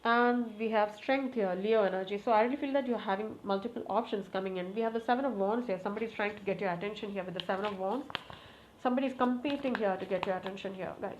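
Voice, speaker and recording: A woman does a casual tarot reading, speaking straight to her cards and repeating her requests to them. Her voice sits at an ordinary pitch and now and then breaks into excited exclamations. The recording is a little muffled, with a faint hiss of noise behind her. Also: fast. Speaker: tarot reader.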